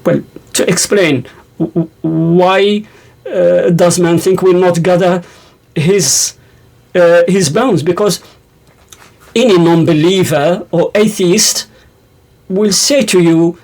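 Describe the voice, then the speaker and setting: An older man explaining scripture in a rambling way, stopping to correct himself and quickly reciting verses. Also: high-pitched, creaky, darkish tone. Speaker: religious teacher.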